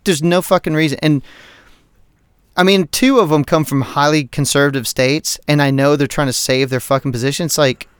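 A man co-hosting a podcast, ranting about politics in a heated, profane, animated way. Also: fairly high pitch, moderate pace, clean tone, no room sound, clean studio sound. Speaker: podcast co-host. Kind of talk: casual political rant.

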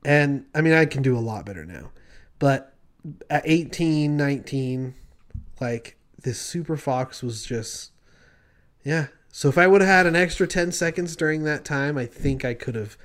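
A young man co-hosting a podcast, telling stories in a loose, animated way, laughing often and acting out voices. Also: on the high side, moderate pace. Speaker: podcast co-host. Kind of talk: casual chat.

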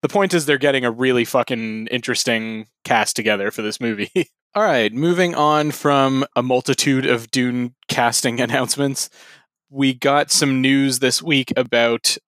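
A man co-hosting a casual podcast, relaxed and swearing freely, chuckling often between news items. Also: mid-range voice, moderate pace, no echo. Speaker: podcast co-host.

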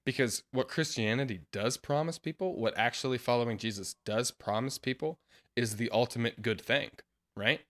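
Man, podcast host, earnest, casual chat, laughs easily, mid pitch. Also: moderate pace. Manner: earnest, laughs often, animated when quoting.

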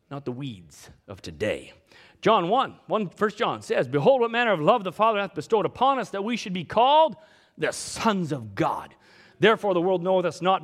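A man preaching a sermon, his voice sitting high and swooping up and down with animation. He swings between emphatic outbursts and quiet asides as he works through scripture. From Scotland. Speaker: pastor.

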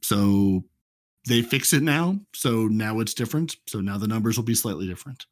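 A man's voice: lowish voice, animated, moderate pace, darkish tone, no room sound, clean studio sound. A man with a General American accent, explaining game numbers in a matter-of-fact way on a casual podcast. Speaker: podcast co-host reading game patch notes.

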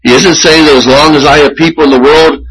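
A male pastor delivers a sermon in an earnest, measured way, often circling back to restart a phrase. His voice sits a little high and carries a strongly husky, breathy grain. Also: steady tone, fairly bright tone, low-quality recording.

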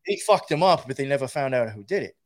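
A man's voice: medium pitch, expressive, quick pace. A man telling a rambling, profane story in casual conversation, laughing as he goes. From New York.

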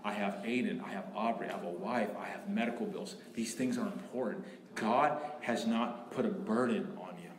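A man preaching a sermon as pastor, emphatic and animated, often repeating and restarting his phrases. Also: on the low side. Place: church sanctuary. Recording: echoey room.

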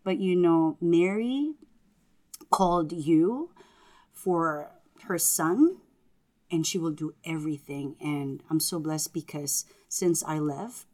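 A woman who is a Catholic religious sister and teacher, telling her story in an interview in an animated, earnest way. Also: deep voice, slow pace. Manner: animated, earnest, acts out family members' lines.

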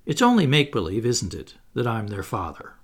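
A man's voice: medium pitch, huge pitch swings, a little fast, breathy edge. A man reading aloud and voicing a boyish young boy who sounds anxious and puzzled.

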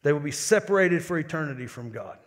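A man's voice: on the high side, animated. A lead pastor preaching a sermon, building emphasis and repeating words as he drives a point home. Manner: preaching with rising emphasis and quick asides.

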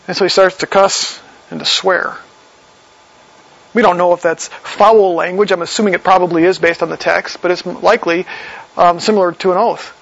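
A man's voice: high voice, fairly even intonation, a little fast, creaky. A man preaching a sermon in a conversational way, reading verses aloud and explaining them. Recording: slightly dull lo-fi recording.

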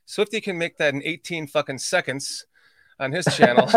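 A man's voice: fairly high pitch, fairly bright tone, no echo. A man hosting a podcast livestream in casual chat, rambling, swearing and laughing at his own slips. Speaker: podcast host.

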